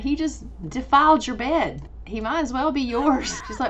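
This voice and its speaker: A woman's voice: high voice, lively intonation, moderate pace, few pauses, a bit bright. Chatty woman narrating her game. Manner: chatty, laughing, playful voices for her characters. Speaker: gameplay host. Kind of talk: casual game commentary. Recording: dull, lo-fi audio with faint noise.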